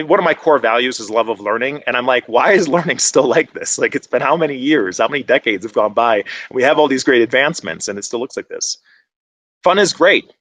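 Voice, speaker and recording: Animated man presenting, dry close sound. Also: mid-range voice, no room sound. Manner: conversational and animated, many fillers. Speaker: conference presenter. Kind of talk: online conference presentation.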